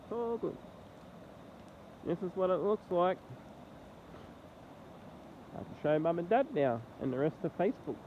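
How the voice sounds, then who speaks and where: A man's voice: high-pitched, lively intonation. A man with an Australian accent and a nasal, congested voice, rambling through a casual phone vlog outdoors beside a flooded road. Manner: rambling, halting commentary. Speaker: vlogger. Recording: tinny, lo-fi phone audio with faint noise.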